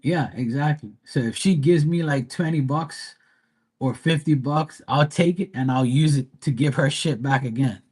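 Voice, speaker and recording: Blunt, husky-voiced man on a livestream. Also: on the high side, moderate pace, darkish tone. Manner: blunt, profane, rambling storyteller. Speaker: live tarot reader. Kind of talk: casual livestream chat.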